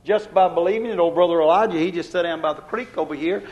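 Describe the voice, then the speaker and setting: A man with a notably high voice preaches a folksy sermon as a minister. He keeps calling out to his listeners as he goes. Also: fast talker, a little mellow, lo-fi sound. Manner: folksy preaching, calls out to the congregation.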